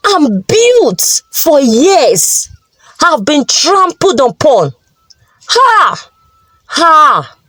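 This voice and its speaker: A woman's voice: high voice, a little mellow, dry recording, full character voice. A woman voicing an angry, grieving middle-aged father, scolding and wailing.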